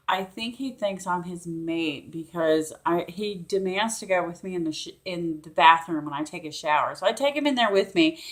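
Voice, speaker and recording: A woman's voice: medium pitch, fairly bright tone. A woman chatting casually to camera, telling a rambling story with lots of fillers. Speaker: vlogger. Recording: echoey room.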